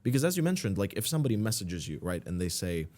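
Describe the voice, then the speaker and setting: A young man in casual podcast chat, explaining at length in a relaxed way with frequent fillers. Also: fairly low pitch, fast talker. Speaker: podcast guest.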